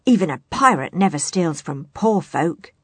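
A woman voicing a loud, hearty male pirate captain in a storybook reading. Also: lively intonation, moderate pace, breathy edge, no echo, exaggerated voice. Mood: furious. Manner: booming, hearty.

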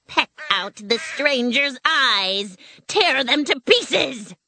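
A woman voicing a cruel, furious old witch in a storybook reading, giving slow, drawn-out commands. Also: high voice, lively intonation, bright, forceful tone, voice pushed up, heavily acted.

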